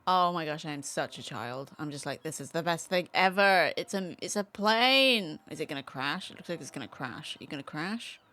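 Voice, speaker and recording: A woman's voice: low voice, expressive, brisk, few pauses, bright, forceful tone, a little hiss or hum. A woman streaming a casual game from home, chatting playfully and talking to the cats on screen. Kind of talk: casual gameplay commentary.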